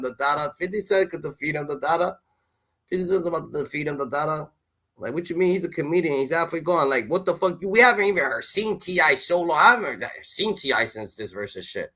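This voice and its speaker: A man streaming casual reaction commentary on rap news, slangy and excitable, repeating a catchphrase tag. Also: on the high side, quick pace. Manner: loud, excitable and laughing.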